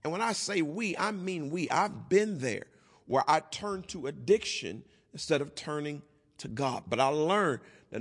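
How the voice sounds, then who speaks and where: A man preaching a Bible study sermon, swinging from loud emphatic lines to hushed, slow ones. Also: on the high side, expressive, breathy edge. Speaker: pastor. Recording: long hall reverb.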